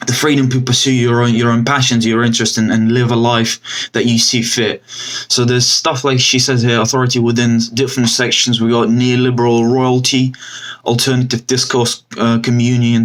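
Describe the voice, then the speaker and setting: A man in a mid-range voice talks casually into a desk computer mic, with many fillers and restarts. His pitch jumps up when something interests him. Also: fairly bright tone. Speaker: vlogger. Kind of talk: casual commentary with screen sharing.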